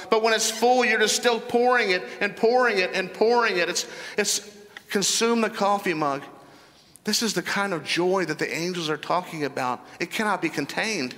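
A man's voice: high voice, bright, forceful tone. A man preaching a sermon as pastor, emphatic and repeating phrases for stress. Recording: long hall reverb.

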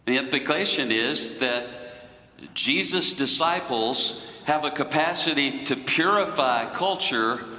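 A man preaching a sermon in a slow, deliberate teaching manner. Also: fairly high pitch, lively intonation, pushed and bright, reverberant, long reverb tail, rough recording.

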